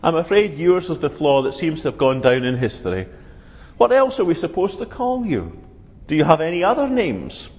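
A man voicing a patient, matter-of-fact solicitor who answers calmly and drily. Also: a little high, moderate pace. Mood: dry. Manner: calm, dry, matter-of-fact. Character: dry, patient, unmoved male solicitor. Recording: dull, reverberant hall sound.

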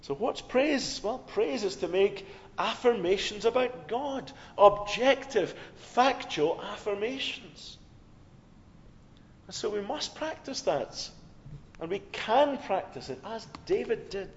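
A man preaching a sermon, telling stories with swings from loud, urgent passages to hushed ones. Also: high voice, lively intonation, slow pace, a little hiss or hum. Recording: long hall reverb, dull lo-fi sound.

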